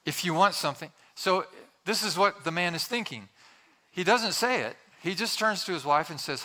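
A male pastor preaches in a church, his bright, forward voice leaning into jokes and playful asides. He tells everyday stories in a chatty, storytelling way and slips briefly into the voices of the people in them. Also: high-pitched, lively intonation, normal speed. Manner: jokey, conversational storytelling with acted-out quotes. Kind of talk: humorous sermon. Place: church with congregation.

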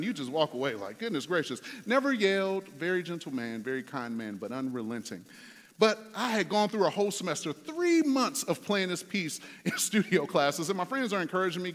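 A man preaching a sermon as a pastor, telling a story in a conversational way with many fillers. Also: sits high. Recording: long hall reverb.

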